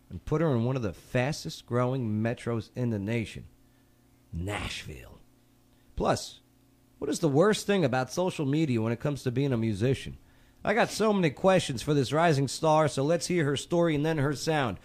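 Jokey animated male show host. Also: mid-range voice. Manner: jokey, animated, laughs often. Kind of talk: radio trivia quiz banter.

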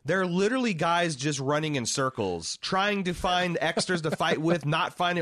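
A man's voice: fairly high pitch, very animated, a little slow, hardly any pauses, fairly bright tone, dry recording, clean studio sound. A man co-hosting a casual film review podcast, riffing with loose, profane jokes. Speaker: podcast co-host. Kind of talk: casual movie review chat.

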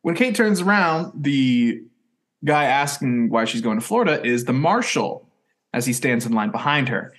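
Male podcast co-host, casual and joking, recaps scenes with quick asides. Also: medium pitch, lively intonation. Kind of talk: casual chat recapping a TV episode.

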